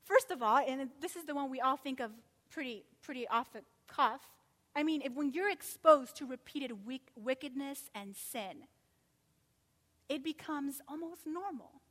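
A woman preaching a sermon, animated and full of rhetorical questions, acting out quotes as she goes. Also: high voice, unhurried, long reverb tail.

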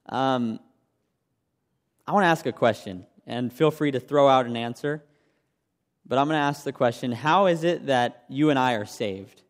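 A young man preaching a sermon, sharing his own testimony in a conversational way and asking the congregation questions. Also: mid-range voice. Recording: long hall reverb.

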